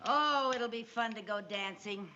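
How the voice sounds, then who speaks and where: Actress as a chirpy, bumbling sitcom heroine. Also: female voice, fairly high pitch, measured pace, very noisy, close to an everyday voice. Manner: chirpy, comic, quacks like a duck. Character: eager, bumbling woman who imitates duck calls. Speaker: sitcom lead. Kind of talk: 1960s sitcom acting. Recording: dull old TV audio with studio laughter.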